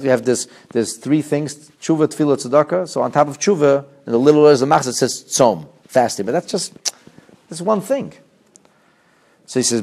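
A man in mid register leads a Torah class, his delivery animated and conversational. He throws rhetorical questions at the room and often stumbles, restarting and doubling words as his thoughts run ahead. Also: medium pitch. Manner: frequent restarts and repeated words. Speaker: rabbi teaching a class.

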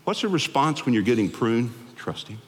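A man preaching a sermon to his congregation, animated, with sudden swings in pitch and loudness as he acts out the people he quotes. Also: moderate pace. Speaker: pastor. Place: church sanctuary. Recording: long hall reverb.

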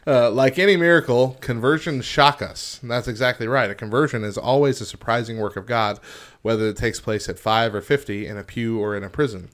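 A man with a mid-range, fairly bright voice talks fairly quickly as he co-hosts a morning radio show. He reads news and articles aloud, then riffs loosely in casual chat, laughing often.

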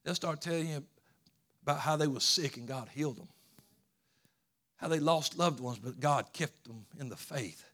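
A male pastor, teaching Sunday school, swinging from soft hushed asides to impassioned crescendos. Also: fairly high pitch, moderate pace, pauses often. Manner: impassioned preaching, builds to fervent crescendos.

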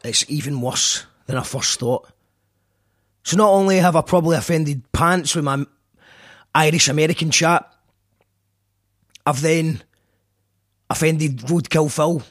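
A man's voice: on the high side, measured pace, long pauses, fairly bright tone. A Scottish man hosting a radio show, rambling, joking and apologizing in a casual monologue. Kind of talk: casual self-deprecating monologue.

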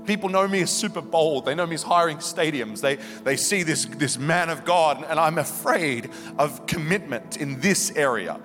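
A man in his thirties preaching a sermon, confessional and impassioned, swinging between quiet asides and loud pleading. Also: a little high, normal speed, hardly any pauses, music in the background. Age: 30s. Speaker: guest preacher. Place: church hall. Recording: long hall reverb.

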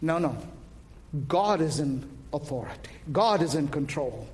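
A man's voice: fairly high pitch, lively intonation, unhurried, a little mellow, a little hiss or hum. A man preaching a sermon with fervor, calling out questions and waiting for the congregation to answer. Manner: impassioned, calls out to the congregation.

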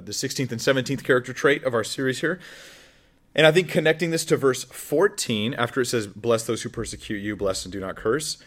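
A man speaking as a pastor in a Bible teaching sermon, earnest and conversational, often asking the audience questions. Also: mid-range voice.

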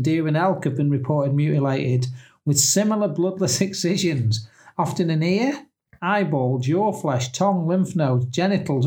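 A man in middle age, talking slowly in casual podcast chat. His voice sits a little high for a man, and he laughs often as he jokes his way through what he reads out. Unhurried and chatty. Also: a little mellow. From England. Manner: jokey, laughs often, reads out search results. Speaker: podcast co-host.

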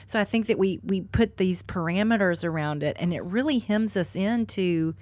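A middle-aged woman in a casual faith conversation, candid and animated, often laughing as she tells stories. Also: medium pitch, normal speed, few pauses, dry recording.

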